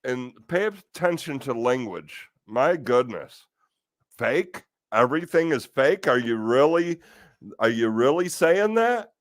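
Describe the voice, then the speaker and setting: A man's voice: medium pitch, animated, slow pace, no room sound. Exasperated man ranting, dry close sound. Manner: exasperated, swears, rhetorical questions. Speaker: host of a live talk stream. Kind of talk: casual ranting chat.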